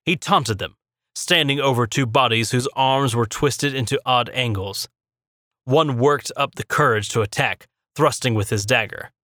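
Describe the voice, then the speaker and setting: A man narrating a fantasy story in a steady, measured reading. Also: medium pitch, no room sound, clean studio sound. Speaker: audiobook narrator.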